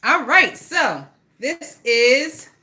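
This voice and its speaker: A woman's voice: high voice, sing-song, drawn-out words, bright, forceful tone. A woman chatting casually and gossiping bluntly, with a lot of swearing, while she works on a craft project. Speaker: vlogger.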